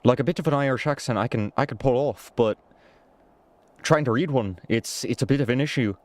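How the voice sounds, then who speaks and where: A man's voice: mid-range voice, brisk. A man streaming a game live, chatting in a self-deprecating way and laughing often.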